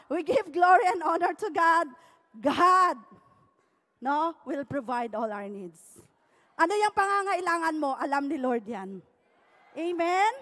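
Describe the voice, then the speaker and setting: A woman's voice: high voice, big-room sound. A woman preaching a sermon, mixing English with Filipino and often checking in with the congregation. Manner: switching between English and Filipino languages, often asking "no?"; calls out "Praise the Lord" with rising shouts. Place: church hall.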